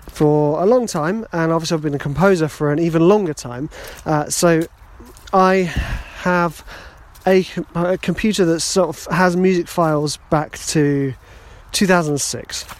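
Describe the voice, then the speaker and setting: A British man with a fairly high-pitched voice talks at a normal speed as he hosts a solo podcast. He tells a rambling, self-deprecating story in a casual, chatty manner.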